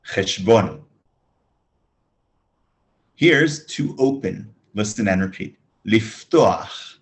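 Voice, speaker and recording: A man teaching a beginners' Hebrew webinar, slowly modelling words for students to listen and repeat. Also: on the low side, expressive. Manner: slow, drilled listen-and-repeat prompts. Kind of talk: online language lesson. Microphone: webinar microphone.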